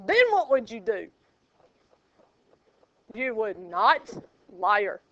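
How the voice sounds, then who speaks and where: A woman's voice: on the high side, sing-song, extremely slow, pushed and bright, dry recording. A woman math teacher, teaching a classroom and joking with her students. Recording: dull lo-fi classroom recording.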